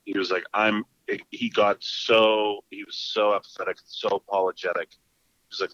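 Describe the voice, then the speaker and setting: A man with a low voice tells a story in casual talk and acts out each side of the argument. The recording is dry and a little dull. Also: normal speed, no room sound. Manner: animated, acts out both sides of the exchange.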